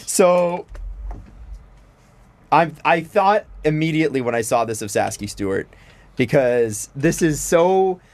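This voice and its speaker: A man's voice: a little high, animated, measured pace, pauses often, darkish tone. A young man hosting a podcast, rambling and laughing often as he chats. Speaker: podcast host. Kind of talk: casual chat.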